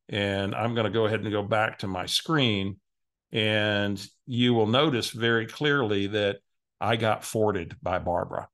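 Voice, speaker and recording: A man's voice: on the low side, creaky, fairly bright tone. A middle-aged man presenting a training video as a real estate sales coach, explaining a method step by step and acting out sample phone calls.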